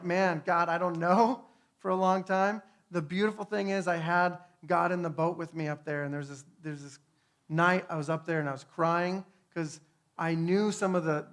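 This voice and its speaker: This man's testimony sermon is conversational and earnest, moving from hushed tones to fervent ones and sprinkled with frequent tag questions. His voice runs a little high.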